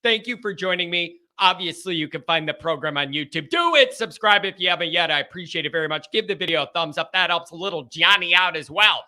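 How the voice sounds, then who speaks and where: Animated high-voiced man hosting sports talk. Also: quick pace, few pauses. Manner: animated, talkative, repeats himself. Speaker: call-in show host. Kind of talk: casual call-in sports talk.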